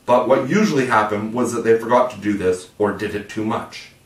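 A man's voice: fairly low pitch, brisk. Man narrating a storybook, roomy sound. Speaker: audiobook narrator. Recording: roomy, distant mic.

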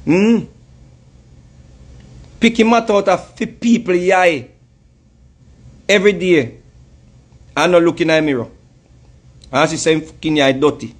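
A Jamaican man rants in a heated, mocking commentary with a very high-pitched voice. He breaks into laughter often and talks in casual patois. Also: slow, pauses often, husky. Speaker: commentary host.

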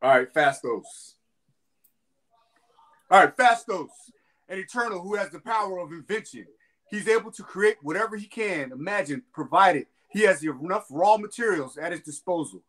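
Высокий оживлённый мужской голос. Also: male voice, sits high, lively intonation, moderate pace, fairly bright tone. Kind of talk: casual comic-book chat.

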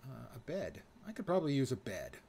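A man's voice: medium pitch, huge pitch swings, a little fast, creaky, darkish tone, slight background noise. Man muttering through game menus. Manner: thinking aloud, muttering menu items. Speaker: streamer. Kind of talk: casual live gameplay commentary.

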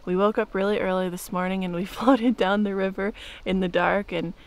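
A woman's voice: mid-range voice, steady tone, moderate pace. A young woman opening a fishing vlog by a river, cheerful and eager. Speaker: fishing vlogger. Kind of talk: casual vlog intro. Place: outdoors by a river.

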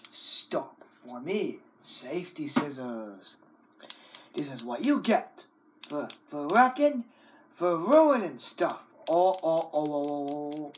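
Man with wild swings in pitch, slow and wailing. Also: very animated, slight background noise. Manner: scolds over and over, repeating words and stumbling; long wailing oh and whoa cries between threats. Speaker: video maker. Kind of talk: ranting at the computer on camera.

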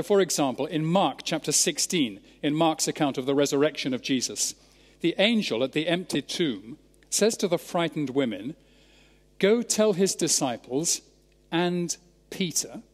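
A Scottish man preaching a sermon, expounding scripture in a measured, emphatic way. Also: fairly high pitch. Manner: measured, emphatic Bible exposition. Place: large church. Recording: church sermon with long reverb.

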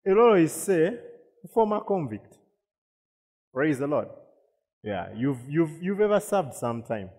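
A man's voice: a little high, sing-song, slow, pauses often, a little mellow, husky. A man preaching a sermon, repeating words and asking the congregation questions. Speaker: pastor. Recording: long reverb of a hall.

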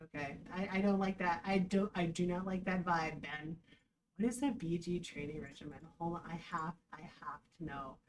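A woman dog trainer giving casual reaction commentary, animated and sarcastic, often breaking into laughter. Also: fairly low pitch, normal speed, distant mic, noisy background.

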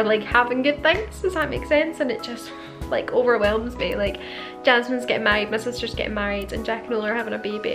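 A young British woman talks into a handheld camera in a chatty, gushing vlog style, her voice sitting a little high for a woman. Faint music plays softly behind her. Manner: chatty, gushing, full of "like" fillers. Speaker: vlogger. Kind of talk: casual vlog chat.

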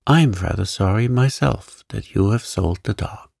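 A man voicing a gentle farm aunt who soothes her husband, in a calm bedtime story reading. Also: on the low side, measured pace, gravelly, breathy edge, dry recording, clean studio sound, exaggerated voice. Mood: soothing.

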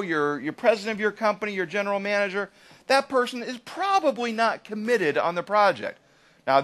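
A man giving a live lecture to an audience as an agile trainer, animated and often checking in with "right?". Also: a little high.

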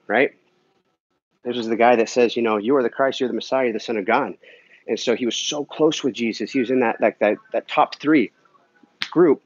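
A man's voice: mid-range voice, breathy edge. A man walking through an indoor pool area while talking earnestly and casually to a viewer, with many "man" and "you know" fillers. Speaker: Christian vlogger answering a viewer comment. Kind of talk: casual spoken encouragement. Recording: dull lo-fi recording.

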